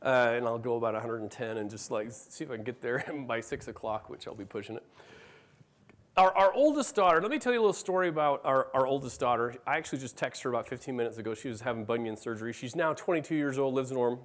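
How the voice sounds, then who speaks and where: A man's voice: medium pitch, quick pace. A middle-aged man giving a conference talk, telling a story about his family and acting out their dialogue. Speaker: conference speaker. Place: conference room.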